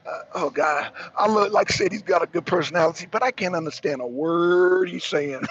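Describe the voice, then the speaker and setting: A man's voice: sits high, brisk, fairly bright tone, lo-fi sound. A truck driver calling in from his parked cab, chatting casually and profanely, rambling and cutting himself off. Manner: profane, rambling, self-interrupting. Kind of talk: casual chat.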